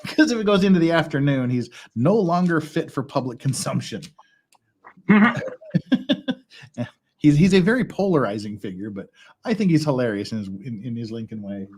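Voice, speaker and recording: A man's voice: mid-range voice, expressive, normal speed, pauses often, a little mellow, slight background noise. A man hosting a casual livestream, rambling and chuckling as he builds Lego and counts pieces aloud. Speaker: stream host.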